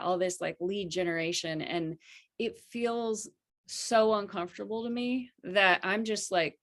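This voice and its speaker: A woman guest who works as a coach, talking in a soft, reflective way as she explores ideas. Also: mid-range voice, a little slow. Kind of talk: casual conversation.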